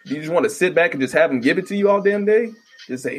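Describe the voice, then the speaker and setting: A man's voice: on the high side, animated, fast, slightly rough. A man delivering a profane, exasperated comedic rant with stammering restarts. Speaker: vlogger ranting.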